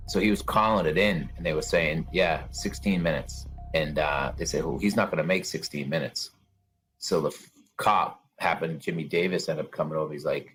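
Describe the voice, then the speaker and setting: A man's voice: a bass voice, a little fast, fairly bright tone, faint music behind. A man telling his own story as an interview guest, in plain conversational storytelling. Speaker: guest, bombing survivor. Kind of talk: personal account in an interview.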